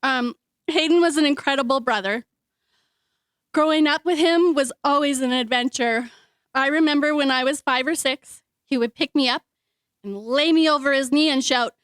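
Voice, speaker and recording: A woman delivers an emotional memorial speech for her brother and stops now and then to steady herself. Her voice is high and the sound is dry. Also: no echo. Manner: emotional, halting, apologetic. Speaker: eulogy speaker, sister. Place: memorial hall.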